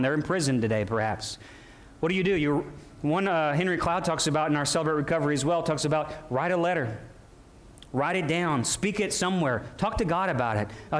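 A man pastor preaching a sermon, calling out to the congregation and shifting his emphasis as he goes. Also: on the high side. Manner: preaching with call-and-response asides and shifting emphasis.

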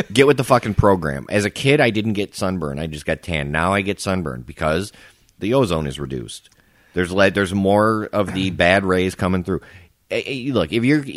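A man with a low voice spins a story in casual podcast chat, his pitch leaping around as he goes. He swears freely and leans on dry sarcasm. The sound is close and dry, with no room around it. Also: a bit bright, dry recording. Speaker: podcast co-host.

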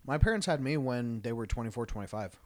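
A man's voice: mid-range voice, expressive, fast, a little mellow, no room sound, clean studio sound. A man co-hosting a podcast who reacts to stories and chats casually, swearing freely. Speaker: podcast co-host.

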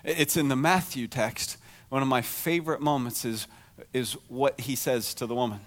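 A man preaching a sermon to his congregation, animated and acting out the words of the people in the story. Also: mid-range voice, normal speed. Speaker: pastor.

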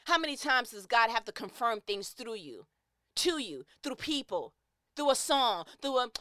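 A woman delivers a fired-up motivational monologue with a preachy, emphatic edge. Her voice sits high and sounds sharp and forceful, and she hammers her points with repetition. The sound is close and dry, with no room around it. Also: very animated, moderate pace, no echo. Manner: repeats phrases for emphasis.

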